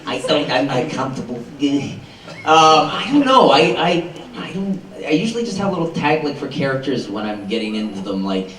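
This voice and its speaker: A male voice actor on a convention panel, talking in a hesitant, halting, self-conscious way, recorded from afar in a roomy hall. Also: mid-range voice, big pitch swings, a bit bright. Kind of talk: panel chat. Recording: roomy hall with faint noise, distant mic.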